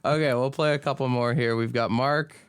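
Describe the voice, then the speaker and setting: A man's voice: medium pitch, brisk, clear, resonant tone, no room sound, studio quality. A man hosting a morning radio show, cracking jokes and running a listener contest. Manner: deadpan jokey, runs contests. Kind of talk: casual comedic banter.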